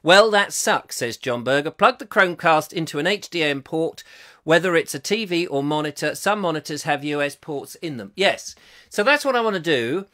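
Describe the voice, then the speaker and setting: A man's voice: a little high, lively intonation, moderate pace. A middle-aged man hosting a live online chat show, chatting in a jokey, rambling way and reading out viewer comments. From England. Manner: jokey and chatty, swings between loud and quiet asides.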